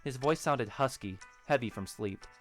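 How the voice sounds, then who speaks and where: A man reads a story aloud in a steady, even voice at an ordinary middle pitch. A faint music bed sits under the narration. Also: moderate pace. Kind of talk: audiobook narration of a fan story.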